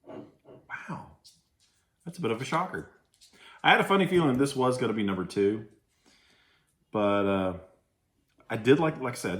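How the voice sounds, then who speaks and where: A man's voice: fairly low pitch, a bit bright. A man with a Texan accent chatting casually at home as he tastes and reviews snacks and drinks, rambling and restarting his sentences. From Texas. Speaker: food reviewer. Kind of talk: casual food-tasting vlog.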